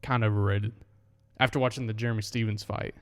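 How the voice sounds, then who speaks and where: A man's voice: lowish voice, steady tone, fast talker, clear, resonant tone. A man co-hosting a casual podcast chat, easygoing and agreeable, often chiming in with short replies. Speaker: podcast co-host. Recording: echoey room with long reverb.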